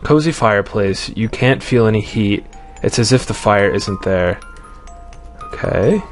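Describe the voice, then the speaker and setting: Over game music, a let's play commentator playing a horror game reads its text aloud, jumpy and swearing often. His voice is lowish with lively intonation, a little slow.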